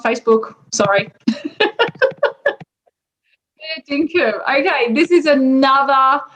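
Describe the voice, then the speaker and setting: An Australian woman talks through slang terms one by one in a relaxed, chatty way, laughing often as she goes. Her voice sits a little high and she takes her time. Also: low-quality recording. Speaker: teacher explaining slang. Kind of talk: casual explanation.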